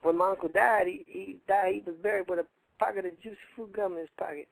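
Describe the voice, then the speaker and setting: A man's voice: sits high, steady tone, quick pace, vocal fry, no room sound, rough recording. A man co-hosting a radio show, telling a story casually in a rambling, colloquial way and repeating his phrases.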